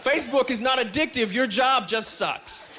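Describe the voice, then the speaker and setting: A young man from Canada doing an animated stand-up set into a stage mic, breaking into loud character voices. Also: very high-pitched, moderate pace, background noise. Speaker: stand-up comedian. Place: comedy club stage. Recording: live club with audience.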